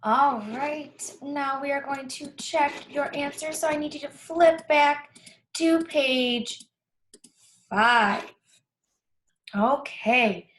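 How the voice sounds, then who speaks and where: A woman teacher walking children through a workbook lesson, patiently repeating the key words slowly. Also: high-pitched, a bit bright, a little hiss or hum. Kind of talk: guiding a class through a workbook.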